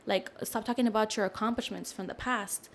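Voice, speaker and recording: A young woman, a podcast guest, telling a personal story in a casual, animated way, full of fillers, with lowered voices when she quotes others. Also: a little fast, a little hiss or hum.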